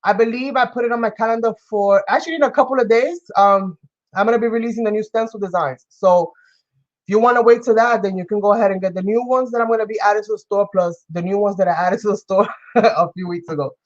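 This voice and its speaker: With the highs cut off in the audio, a New York woman runs a craft livestream in a medium-pitched voice at a quick pace. She chats casually as she crafts, warmly greeting and thanking viewers by name.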